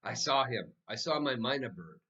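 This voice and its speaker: A man voicing an eager, insistent little boy of about five with an excitable, sing-song way of talking. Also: mid-range voice, normal speed, dull audio.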